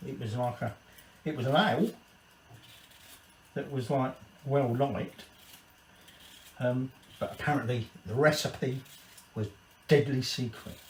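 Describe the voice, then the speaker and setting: Rambling, cussing man cooking, slow and roomy. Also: mid-range voice. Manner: rambling, swearing, tipsy asides. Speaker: cooking channel host. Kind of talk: casual cooking vlog. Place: home kitchen. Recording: echoey room, distant mic, faint kitchen noise. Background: clatter of pots and cutlery.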